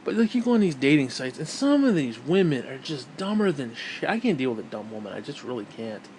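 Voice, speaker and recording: A man's voice: medium pitch, sing-song, a little fast, darkish tone, a little hiss or hum. A man, hosting his own show in a crude, bitter, rambling rant full of restarts. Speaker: vlog host. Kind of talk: profane rant.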